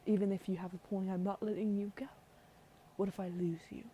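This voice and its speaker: A woman voicing a proud, scornful queen mother with a put-on British accent in a soft whispered role-play. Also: mid-range voice, flat delivery, fairly quick, highs cut off, slight background noise, lightly acted. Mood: protective. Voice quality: imperious, scornful.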